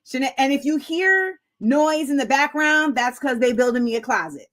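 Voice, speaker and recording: A woman hosting a live-streamed talk show, chatty and excitable and laughing often as she greets viewers. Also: high-pitched, normal speed. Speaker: host.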